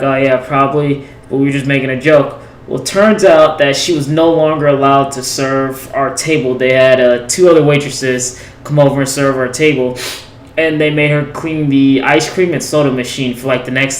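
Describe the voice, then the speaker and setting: A man's voice: medium pitch, roomy sound, rough recording. A young man casually telling a long personal story over gameplay, rambling with lots of restarts and fillers.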